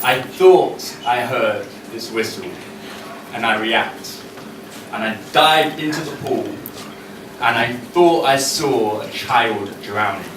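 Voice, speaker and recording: A man's voice: mid-range voice, slow pace. British man performing poetry live. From Britain. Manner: chatty and self-deprecating, then rhythmic declaiming. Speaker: poet. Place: live event venue. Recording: echoey room, distant mic, noisy.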